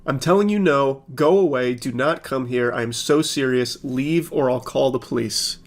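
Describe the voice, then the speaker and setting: A man's voice: mid-range voice, normal speed. A man giving comedic commentary on creepy text messages, sarcastic and profane, reading the texts aloud with mocking voices.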